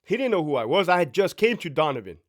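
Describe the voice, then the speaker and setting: A former prison sergeant in his thirties tells his stories in a blunt, emphatic way, swearing freely and firing off rhetorical questions. His voice sits a little high for a man and moves around a lot in pitch. It comes across as a casual, animated monologue. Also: fast.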